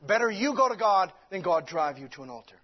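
Husky preacher man, high voice, fervent and stumbly, dull lo-fi sound. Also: sing-song, brisk. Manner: fervent, stumbling restarts and many fillers. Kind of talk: sermon. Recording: dull lo-fi recording.

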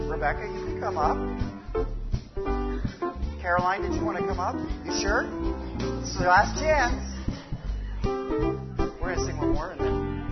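Upbeat woman leading kids' sing-along. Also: mid-range voice. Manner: upbeat, encouraging, coaxing children by name. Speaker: children's worship leader. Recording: dull lo-fi sound under loud guitar music. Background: guitar music.

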